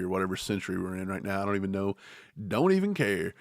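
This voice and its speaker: A man hosting a casual livestream, talking in an animated, rambling way. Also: lowish voice, fast talker, no echo, clean studio sound. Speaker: livestream host.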